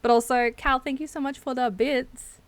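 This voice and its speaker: A woman's voice: high voice, steady tone, moderate pace, no echo. A woman from South Australia with a South Australian accent, chatting casually on a stream, laughing often and swearing freely.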